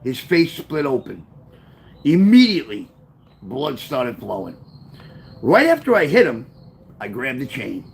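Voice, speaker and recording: A man reading his own memoir aloud, telling the story with lively, offhand asides. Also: mid-range voice, unhurried, vocal fry, long pauses. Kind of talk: first-person memoir storytelling.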